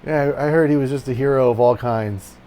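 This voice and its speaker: A man's voice: medium pitch, a little fast, mellow, a little hiss or hum. A man playing a tabletop game in a casual, playful way. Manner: playful, laughs often. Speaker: player.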